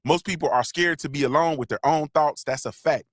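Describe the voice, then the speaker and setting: Livestream host, man, slightly high voice, dry close mic, loose and preachy. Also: a little fast, no room sound. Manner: loose, joking, preachy, shouts out viewers. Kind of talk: casual motivational livestream talk.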